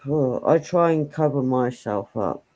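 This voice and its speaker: A man's voice: mid-range voice, expressive, measured pace, a little mellow. A man talking casually as a fellow streamer on a livestream, giving short, easygoing replies. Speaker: guest streamer.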